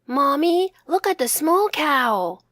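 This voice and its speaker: A woman doing an eager little boy with a high bright voice. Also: sing-song, slow pace, dry recording, clean studio sound, heavily acted. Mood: excited. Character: curious excited three-year-old boy.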